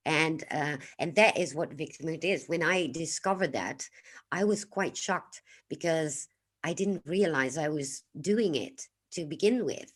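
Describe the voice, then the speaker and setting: A woman from the Netherlands with a Dutch accent, hosting a casual livestream, reflective and unhurried, pausing to greet and thank viewers in the chat. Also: sits low. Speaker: livestream host.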